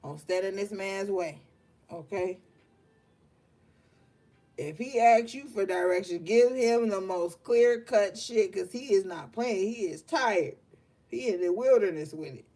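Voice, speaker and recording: A woman's voice: mid-range voice, measured pace, warm tone. A young adult woman giving a casual tarot reading, blunt and profane, fired up and laughing often. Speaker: tarot reader.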